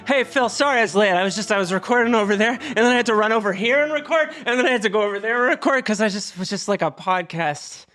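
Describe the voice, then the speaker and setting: A man from Massachusetts co-hosting a podcast in casual chat, joking and rambling with quick asides. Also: high-pitched, animated, pushed and bright. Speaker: podcast co-host.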